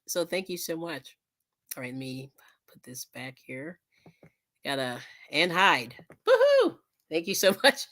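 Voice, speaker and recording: A woman's voice: low voice, a bit bright. A woman hosting a casual live stream, chatting, laughing often and thanking viewers as she crafts. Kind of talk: casual chat while crafting.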